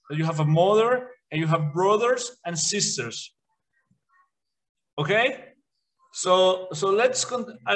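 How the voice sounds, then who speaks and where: A man whose first language is Spanish, teaching English to children with a British-leaning accent, reading out word lists clearly and often restarting his sentences. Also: high-pitched, fairly bright tone, low-quality recording. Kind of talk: beginner English lesson for children.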